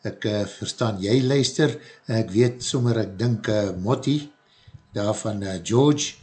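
A man's voice: lowish voice, a little slow, dark tone. A man with an Afrikaans accent presenting a music radio show in a casual, hesitant way, with many fillers between names and facts. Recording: internet radio broadcast.

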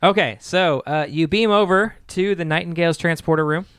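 Man running a tabletop game, smooth voice. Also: a little high, a bit bright, dry recording, studio quality. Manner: halting, full of restarts and fillers. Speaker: game master.

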